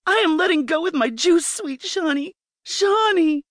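A woman narrator voicing a passionate young Irish wife, with high, breathless cries. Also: animated, unhurried, no echo, clean studio sound. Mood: ecstatic.

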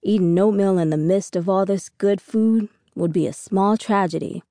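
A woman's voice: mid-range voice, moderate pace, mellow, no room sound, clean studio sound, close to an everyday voice. A woman reading an audiobook and voicing a playful father who speaks in a grand, mock-posh manner. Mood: mock-lofty. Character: playful father putting on lofty airs.

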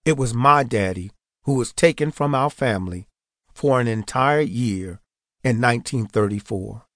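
A man's voice: mid-range voice, moderate pace, no room sound. Man narrating an audiobook, dry studio sound. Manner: steady, earnest storytelling.

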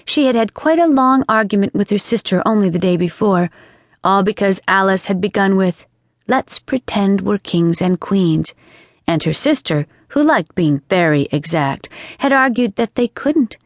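Female storybook narrator, measured and gentle, mid-pitched, close and dry. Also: expressive, no echo. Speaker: audiobook narrator. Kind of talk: scripted narration. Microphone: studio microphone. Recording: dry studio sound.

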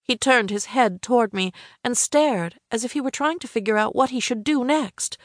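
A woman narrating a first-person novel in a measured, even storytelling manner. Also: a little high, dry recording, clean studio sound. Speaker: audiobook narrator.

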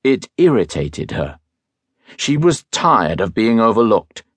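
A man reading an audiobook as narrator, in a measured, even storytelling manner, close to a studio microphone. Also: on the low side, slightly rough, no room sound. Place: recording studio.

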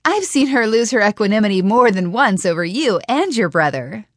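A woman voices an earnest, practical young woman in a fantasy audiobook, reasoning her way through lines in a slightly unsure manner. Her mid-range voice, pitched above her own, swings widely at normal speed, recorded dry with studio quality.

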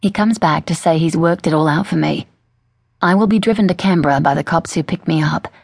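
A woman reading a first-person thriller audiobook in a measured, cool manner. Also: low voice, creaky, a little mellow, breathy edge, no room sound, clean studio sound. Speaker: audiobook narrator. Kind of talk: scripted first-person narration.

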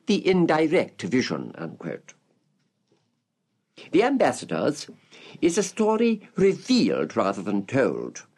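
A man narrating an audiobook's literary introduction in a measured, expressive reading with marked pauses. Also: medium pitch.

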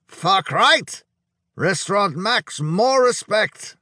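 A man's voice: sits high, animated, no room sound, studio quality, voice pushed up, full character voice. A man voicing a burly, drunk male Hungarian gangster who talks in blunt, crude, broken phrases. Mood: boorish, loud. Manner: loud, slow and bellowing.

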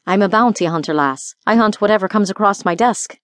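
A woman's voice: medium pitch, a little fast, dry recording, natural voice. A woman voicing a flirty Scottish dragon-shifter bounty hunter in an audiobook, teasing and affectionate, with a Scottish accent. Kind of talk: audiobook character voice.

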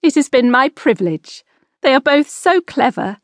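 Woman reading a soft-spoken noblewoman, higher voice. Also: big pitch swings, moderate pace, dry recording, studio quality. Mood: fond. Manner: warm, soft-spoken, anxious to please. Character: gentle, fond noblewoman, sister-in-law.

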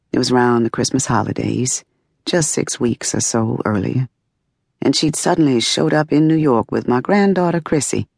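Woman reading a memoir audiobook, gravelly fry in her voice, dead dry booth sound. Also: a bass voice, no echo. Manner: measured, expressive first-person reading. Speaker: audiobook narrator. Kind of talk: scripted memoir narration. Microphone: close studio mic.

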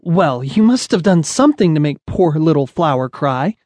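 A man's voice: a little high, animated, normal speed, a little mellow, no echo. A man doing an earnest fat tomcat. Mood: indignant. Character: plump friendly male tomcat hunter.

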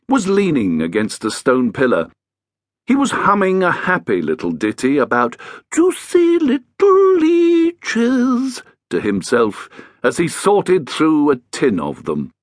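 A man narrating a children's audiobook in an expressive, animated reading style. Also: mid-range voice, no room sound, studio quality.

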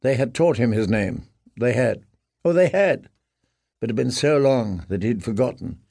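A man narrating an audiobook in a measured, grave storytelling manner. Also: mid-range voice, lively intonation, creaky, mellow, husky, dry recording, clean studio sound. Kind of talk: scripted narration.

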